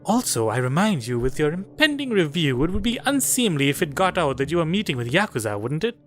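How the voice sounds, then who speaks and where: A man voicing a smooth, scheming female yakuza boss who talks with cool menace. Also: fairly high pitch, big pitch swings, brisk, a bit bright, faint music behind. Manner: silky, coolly menacing.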